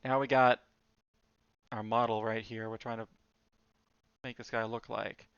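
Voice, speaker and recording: Male streamer, smooth voice, rambling filler-heavy chatter, slightly dull mic. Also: on the low side, flat delivery, a little slow, fairly bright tone, dry recording. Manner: chatty, lots of "like" fillers, muttered asides. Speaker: streamer drawing live. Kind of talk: casual rambling stream chat.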